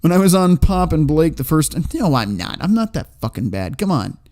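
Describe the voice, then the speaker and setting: Guy streamer reading chat out loud, kinda high voice, swears a lot, keeps laughing. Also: big pitch swings, fairly quick. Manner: rambling, profane, laughs often, reads chat names aloud. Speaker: livestream host reading chat. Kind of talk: casual livestream chat.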